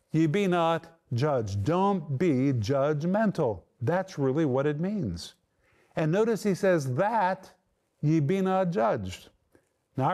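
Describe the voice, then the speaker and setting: A man's voice: on the high side, darkish tone. A male preacher delivers a sermon with a slightly raised voice. He speaks earnestly and with emphasis. He repeats his key phrases to drive them home.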